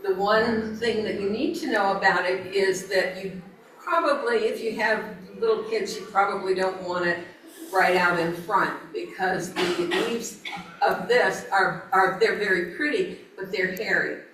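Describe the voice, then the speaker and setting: A garden speaker talks informally about plants at an outdoor event, her medium-pitched voice a little slow and a bit bright, with a touch of hiss or hum. She chats along with plenty of laughs and fillers, captured roomily on a distant mic with faint ambience.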